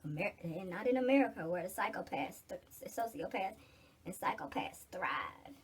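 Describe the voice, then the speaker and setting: A woman's voice: mid-range voice, expressive, moderate pace, a little hiss or hum. A middle-aged woman in casual get-ready-with-me chat, blunt, preachy and full of cursing. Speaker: vlogger.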